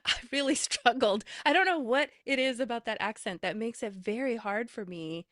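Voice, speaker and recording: Bright-voiced woman chatting eagerly. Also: on the high side, moderate pace, no room sound, clean studio sound. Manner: eager, talks with lots of fillers and restarts. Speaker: podcast guest. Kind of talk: casual chat.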